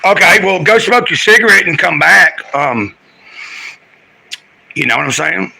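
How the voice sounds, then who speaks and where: A man's voice: sits high, lively intonation, unhurried, creaky, sharp tone, slightly rough, low-quality recording. A man chatting casually on a livestream, rambling through his day and talking straight to his viewers.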